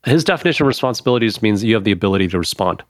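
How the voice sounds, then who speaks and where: A man hosting a podcast in casual chat, animated, laughing often and swearing freely. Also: fairly low pitch, rapid-fire, no echo, studio quality.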